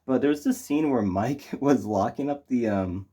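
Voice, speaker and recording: A man's voice: mid-range voice, normal speed, warm tone, slightly rough. A young man reviewing a movie in casual chat, rambling with lots of fillers and restarts.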